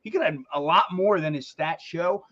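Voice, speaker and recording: A man co-hosting a casual sports talk show, excitable, repeating words and saying "dude" often. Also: fairly high pitch, brisk, muffled recording. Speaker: podcast co-host.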